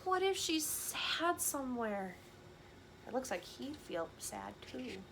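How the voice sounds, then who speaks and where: A young woman teaching a children's camp video lesson, speaking gently and clearly and encouraging the kids. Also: high voice, very animated, takes it slowly, a little hiss or hum.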